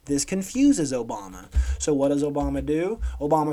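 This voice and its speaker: A man's voice: fairly high pitch, sing-song, moderate pace, few pauses, mellow. A man co-hosting a podcast, ranting about current events in a sarcastic, emphatic way and often tagging on "okay?". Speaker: podcast co-host. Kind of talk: opinionated current-events rant.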